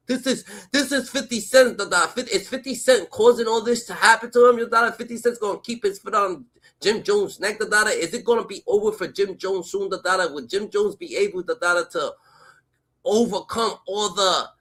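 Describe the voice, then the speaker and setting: Male reaction host, high and bright, loose and profane, with "da, da, da" filler and disbelieving questions. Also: rough recording. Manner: profane, rambling, fills every phrase with "da, da, da"; incredulous, keeps asking rhetorical questions. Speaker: reaction commentator. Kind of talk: casual reaction commentary.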